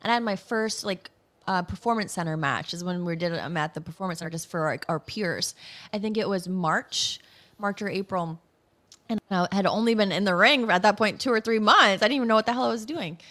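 A woman from Massachusetts tells stories as a guest in a relaxed interview. Her voice is bright and forward, at a middle pitch. She talks in an animated, chatty way and laughs often. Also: brisk. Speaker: guest, professional wrestler. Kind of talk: casual interview storytelling.

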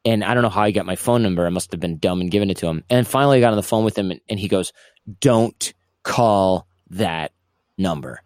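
A man with a lowish voice races through a casual story in an interview with few pauses, recorded in studio quality with no room sound. Recounting his past as a guest, he's animated, stumbles and restarts often, and acts out the voices of people he quotes.

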